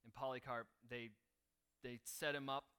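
Bright-voiced man preaching. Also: medium pitch, level tone, a little slow, clean tone. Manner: conversational preaching, reading a martyr account aloud. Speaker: pastor. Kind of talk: sermon.

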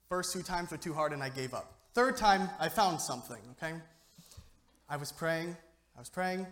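A man's voice: a little high, fairly bright tone. Joking young man giving a sermon. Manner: joking, conversational, keeps asking "okay?". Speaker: lay speaker giving a youth sermon. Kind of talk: informal sermon.

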